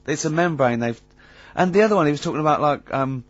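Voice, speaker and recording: A man's voice: a little high, quick pace, no echo. A man hosting a casual radio show, telling rambling anecdotes and laughing often. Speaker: radio host. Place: radio studio. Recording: lo-fi radio recording.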